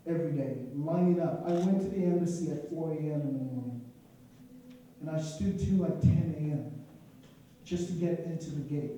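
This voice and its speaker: A young man with an African accent telling his own story to a live audience, animated, laughing often and acting out what people said. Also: a little high, slight background noise. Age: young adult. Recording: echoey room picked up from a distance.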